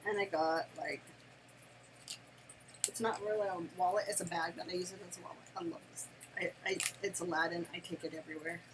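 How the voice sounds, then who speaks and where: An older woman and grandmother chatting casually through an unboxing, gushing and excitable, laughing often and squealing with delight at home. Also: fairly low pitch, fairly quick, background noise. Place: home, near her desk.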